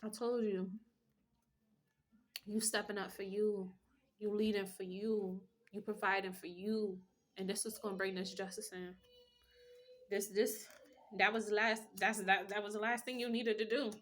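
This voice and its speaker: A woman's voice: mid-range voice, flat delivery, a little slow, long pauses. A woman giving a casual tarot reading with a blunt, profane pep-talk manner. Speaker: tarot reader.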